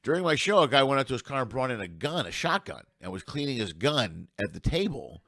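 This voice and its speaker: A man's voice: medium pitch, big pitch swings, brisk, gravelly, pushed and bright, no room sound, clean studio sound. A middle-aged man who works as a comedian, telling rambling road stories in casual chat and swearing freely. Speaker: comedian guest.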